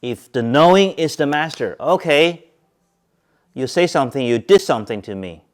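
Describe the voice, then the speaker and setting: A man teaching Buddhism at a Zen centre, speaking calmly, repeating points and asking his listeners questions. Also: on the high side, normal speed. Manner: calm, repetitive, asks listeners questions. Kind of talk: Dharma talk to a group.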